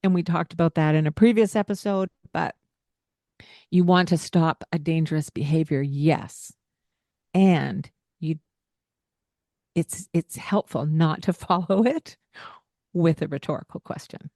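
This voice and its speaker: A woman hosting a parenting podcast, explaining calmly and laughing often. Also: sits low, a little slow, long pauses, dry recording, clean studio sound. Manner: calm, explanatory, laughs often, acts out kids' voices. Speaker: podcast host, parenting coach. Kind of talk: casual podcast advice.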